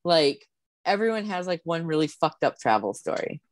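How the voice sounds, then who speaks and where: Woman, podcast host, relaxed, lots of fillers, dry sound. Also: sits low, moderate pace, dry recording. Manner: relaxed, filler-heavy questioning. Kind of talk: casual podcast chat.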